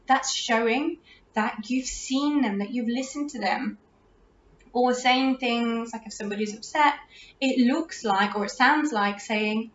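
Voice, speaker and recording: A woman's voice: a little high, moderate pace, slight background noise. A middle-aged woman, hosting a parenting talk in a casual, chatty way, often restarting her sentences. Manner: chatty, restarts, warm laughs. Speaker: parenting podcast host. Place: room at home. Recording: roomy, distant, dull lo-fi audio.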